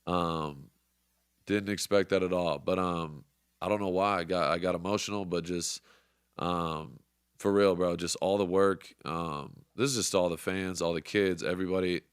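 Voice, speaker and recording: Deep-voiced fired-up podcast host. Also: male voice, steady tone, moderate pace, clean tone, dry recording, clean studio sound. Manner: fired-up, profane, motivational. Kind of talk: casual sports podcast chat.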